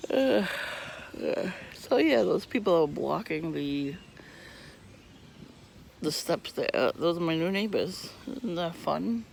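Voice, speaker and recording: A man ranting casually outdoors on a residential street, profane and irritated, coughing and clearing his throat from asthma while he laughs often. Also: on the high side, animated, takes it slowly, pauses often, slight background noise. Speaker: vlogger. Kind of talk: rambling casual monologue.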